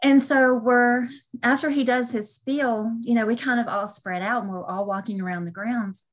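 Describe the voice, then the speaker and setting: A woman's voice: on the high side, fairly even intonation, moderate pace, rough recording. A woman co-hosting a podcast, telling a story in a chatty way with lots of ums and restarts. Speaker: podcast co-host. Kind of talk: casual storytelling.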